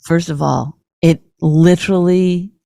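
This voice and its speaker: A woman's voice: on the low side, steady tone, measured pace, creaky, dark tone, dry recording, clean studio sound. A middle-aged woman from Canada, co-hosting a podcast in an exasperated, teasing, bickering chat. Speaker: podcast co-host.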